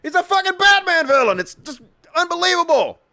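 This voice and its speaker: A male host giving profane, sarcastic political commentary, swinging between mutters and yells. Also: very high-pitched, sing-song, brisk.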